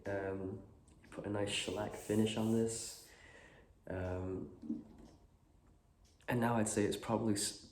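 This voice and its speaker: A man with a cold, talking casually and haltingly with lots of fillers. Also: fairly low pitch. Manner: halting, filler-heavy, relaxed. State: has a cold, clearing his throat. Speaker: guitar vlogger. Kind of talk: casual chat. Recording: echoey room with faint noise.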